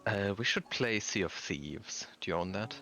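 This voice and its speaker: A male streamer talks loosely and jokes around while playing a game, his bright tone sitting on a fairly low pitch. He swears now and then and slips into silly put-on accents. Faint music plays underneath. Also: expressive, normal speed. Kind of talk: casual gaming stream chat.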